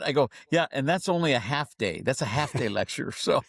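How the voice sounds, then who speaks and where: A middle-aged man, a keynote speaker, tells a story as a podcast guest and acts out each person's lines as he goes. His voice sits fairly high for a man. The sound is dry and close to the mic. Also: brisk, hardly any pauses, no echo. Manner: animated storyteller, acts out dialogue.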